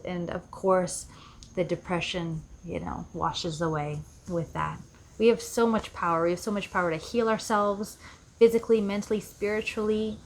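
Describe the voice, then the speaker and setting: Over a slight background hiss, a woman speaks at a medium pitch as a life coach, giving an earnest, reflective self-help talk. She repeats points for emphasis and voices the people she quotes.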